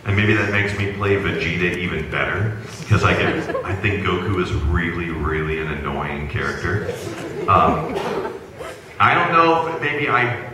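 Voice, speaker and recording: A man with a very low voice talks loosely and jokes his way through a convention panel, leaning on fillers as he goes. He is taped from far back in a big echoing hall, with a long reverb tail and clear crowd noise around him. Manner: relaxed and joking, with many fillers. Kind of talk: casual panel chat.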